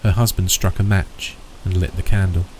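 Deep-voiced man narrating horror. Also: steady tone, normal speed, a little mellow, slight background noise, rough recording.

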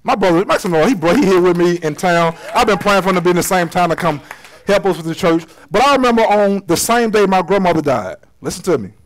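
Male pastor, high voice, conversational church sermon, loud-to-soft swings. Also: lively intonation, quick pace, poor audio. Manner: conversational preaching with slang, swings from loud to hushed. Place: church sanctuary.

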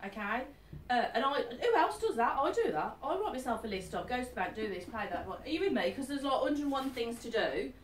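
A psychic medium gives a chatty live reading to an audience, often checking "are you with me?" in a slightly high, very animated voice at a slightly fast pace. The room is echoey, the mic distant, with faint noise.

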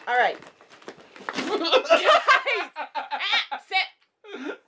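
Bubbly high-voiced woman vlogger. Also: unhurried, noisy background. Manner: chatty and excitable, coos at her dogs. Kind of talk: casual unboxing vlog. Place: home room with dogs.

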